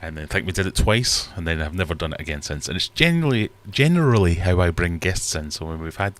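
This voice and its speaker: A man's voice: low voice, sing-song, quick pace. A man hosting a casual livestream from his fish room, rambling and self-deprecating as he reads chat aloud. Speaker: livestream host.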